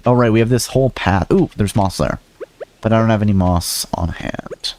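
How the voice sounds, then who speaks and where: A man's voice: fairly low pitch, moderate pace, darkish tone, slight background noise. A man streaming a farming game, chatting to viewers in a goofy, rambling way with silly sing-song bits. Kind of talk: casual gameplay commentary.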